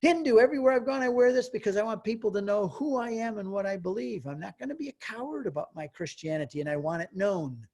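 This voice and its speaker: A man's voice: high voice, lively intonation, quick pace, hardly any pauses. Passionate older man preaching at a retreat. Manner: passionate, exhorting, swings from quiet to fervent. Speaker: Catholic retreat speaker. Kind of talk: storytelling retreat talk.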